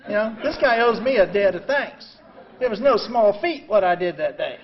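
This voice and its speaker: An older man telling his own recovery story in an emotional way, going from hushed to loud. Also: sits high, expressive, normal speed. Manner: emotional, swings from quiet to loud and laughing. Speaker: veteran speaker sharing a recovery story. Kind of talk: personal storytelling talk. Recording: dull lo-fi recording, faint ambient noise.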